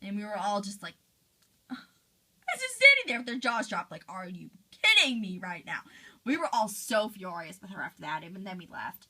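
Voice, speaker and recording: A woman's voice: medium pitch, sing-song, normal speed, pushed and bright, slightly rough, heavily acted. A woman voicing a teenage girl in a fan role-play interview, retelling a frightening night with lots of "like". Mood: shaken. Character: teen girl friend, shaken storyteller.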